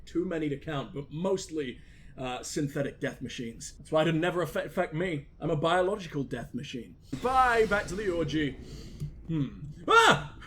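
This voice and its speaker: A man's voice: high voice, a little hiss or hum. A man doing crude, mocking game commentary, swearing constantly and talking back to the characters on screen. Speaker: gaming commentator. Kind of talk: crude comedic gameplay commentary.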